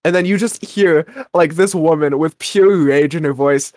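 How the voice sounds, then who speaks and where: A man's voice: on the high side, normal speed, a little mellow, no echo, clean studio sound. A young man co-hosting a podcast, chatting casually about a radio drama episode and wandering off on self-interrupting tangents. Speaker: podcast co-host.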